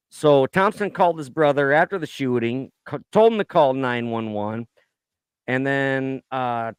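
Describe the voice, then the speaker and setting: A man's voice: medium pitch, unhurried, clear, resonant tone, no echo. A man hosting a casual true-crime podcast, reading out a case and riffing on it with heavy swearing and jokes. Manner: swears a lot, joking and animated. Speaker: podcast host.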